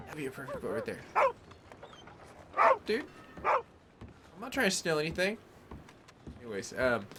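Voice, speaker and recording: Brief: easygoing male streamer, mid-pitched, slangy casual commentary, greets chat by name. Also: background noise. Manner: chatty, greets viewers by name; laid-back slangy talk. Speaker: gaming live streamer.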